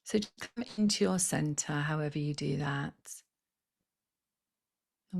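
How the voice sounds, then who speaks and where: Husky soft-spoken woman guiding meditation. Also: low-pitched. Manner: soft, slow and soothing, with fillers. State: losing her voice. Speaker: spiritual healer leading a live online session. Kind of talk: guided meditation with live chat. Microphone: close microphone.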